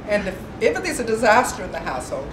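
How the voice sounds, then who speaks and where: A woman telling a personal story at a library gathering, her voice rising and falling a lot as she laughs at herself and leans on her ums. She sounds far from the mic, in an echoey room with steady background noise. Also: mid-range voice, quick pace. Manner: chatty and self-deprecating, laughs often, many ums. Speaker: storyteller at a library morning tea. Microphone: distant room recording.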